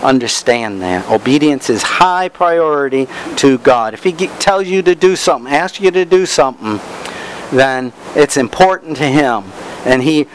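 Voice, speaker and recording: A man's voice: medium pitch, lively intonation, normal speed, slight background noise, poor audio. A man preaching a Bible study, reading verses aloud and stressing words as he explains them.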